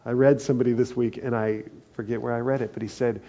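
Gravelly low-toned guy preaching, warm and mellow, kinda muffled lo-fi sound. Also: little pitch movement, quick pace. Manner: earnest, builds to emphatic peaks. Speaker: pastor. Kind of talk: sermon.

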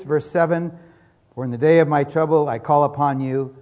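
A man's voice: fairly high pitch, steady tone, measured pace, darkish tone. A man preaching a sermon as pastor, fervent and repetitive, voicing prayers as he speaks.

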